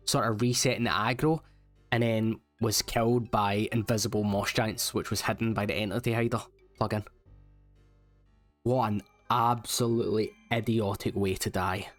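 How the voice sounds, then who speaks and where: A man's voice: lowish voice, fairly even intonation, normal speed. Male gaming vlogger, wry self-mocking voice-over, faint music bed. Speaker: gaming YouTuber. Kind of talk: casual game commentary voice-over.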